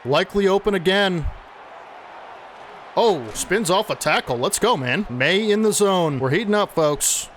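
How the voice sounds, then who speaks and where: A man commentating his own football video game play-by-play, excitable and chatty with his viewers. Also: high-pitched, unhurried, slight background noise. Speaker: gaming channel host.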